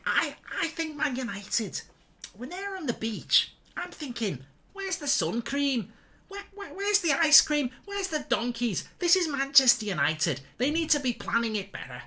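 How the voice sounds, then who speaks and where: A man's voice: sing-song, unhurried, bright, forceful tone, exaggerated voice. A man putting on a Scouse accent to play a rambling, stammering football pundit. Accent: Scouse, put on. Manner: high-pitched, stammering, rambling.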